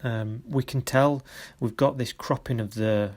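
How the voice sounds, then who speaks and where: A man leading a photography workshop, giving encouraging feedback on students' photos in a halting way with many pauses. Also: medium pitch, steady tone, darkish tone.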